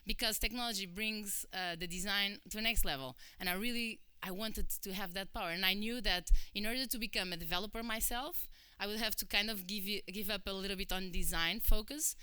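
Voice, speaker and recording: A Portuguese-accented woman in her thirties tells her career story to a conference audience, chatty and full of fillers, acting out what others said. Her voice is bright and very clear. The sound is dry and close. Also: mid-range voice, brisk, no echo. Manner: chatty, animated, acts out quoted voices, many fillers. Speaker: conference speaker. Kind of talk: personal talk to an audience.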